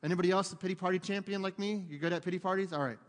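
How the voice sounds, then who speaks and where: A man preaching a sermon in an animated way, joking with the congregation and acting out voices. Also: high voice, very fast. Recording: long hall reverb.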